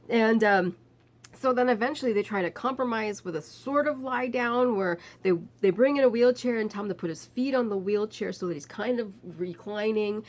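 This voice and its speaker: A woman vlogger telling a personal story to camera, animatedly acting out the people in it and dropping to a weary, quiet tone when describing her pain. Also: fairly high pitch, lively intonation, a little fast.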